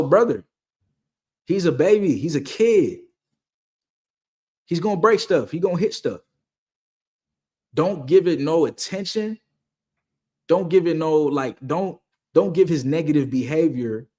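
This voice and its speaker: A man's voice: fairly high pitch, darkish tone. A young man hosting a Q&A, talking casually and giving motivational advice, repeating his key points and using slang. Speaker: host answering viewer questions.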